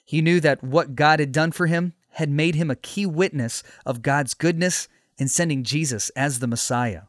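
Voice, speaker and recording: A male storyteller reads a scripted story in a steady, measured voice. His pitch sits a little high, and the sound is close and dry with no room echo.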